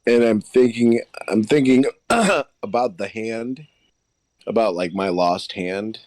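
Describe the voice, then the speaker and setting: A man's voice: lowish voice, slow pace, darkish tone, no echo. A man playing a tabletop role-playing game, musing hesitantly in character. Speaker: player. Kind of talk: casual tabletop play.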